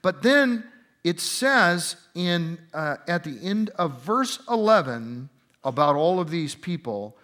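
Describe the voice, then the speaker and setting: Male guest in an interview, high and very expressive voice, animated Bible teacher. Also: slow. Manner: animated, explaining scripture with emphatic asides. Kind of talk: conversational interview answer. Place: conference center.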